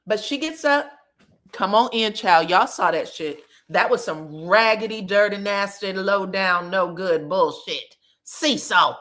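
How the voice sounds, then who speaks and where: Bright-voiced woman, blunt and profane. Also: mid-range voice, unhurried. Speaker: reality show commentator. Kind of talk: casual reaction recap.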